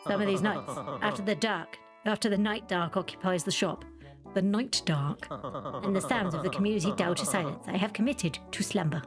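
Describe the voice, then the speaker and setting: A woman's voice: mid-range voice, moderate pace, music in the background, lightly acted. A woman voicing a stiff, formal pet rock guard. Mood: solemn. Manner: formal, stilted, confessional speech. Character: solemn male pet rock night guard.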